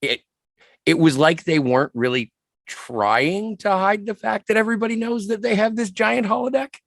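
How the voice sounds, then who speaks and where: A man chatting as a podcast guest, explaining his points in a measured way. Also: high voice, gravelly, a bit bright, dry recording. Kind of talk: casual podcast chat.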